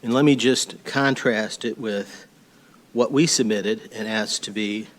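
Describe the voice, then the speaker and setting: Halting man testifying at a microphone. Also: on the low side, fairly even intonation. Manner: halting, with fillers and pauses while looking up notes. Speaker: attorney for a petition sponsor. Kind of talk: testimony at a public board hearing. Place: public hearing room, speaking into a table microphone.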